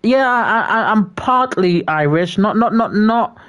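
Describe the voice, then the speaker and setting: With a mid-range voice, lively intonation, and a measured pace, a British livestreamer chats casually. He reads aloud what viewers send in, offering friendly shout-outs amid plenty of stammering and repeated words.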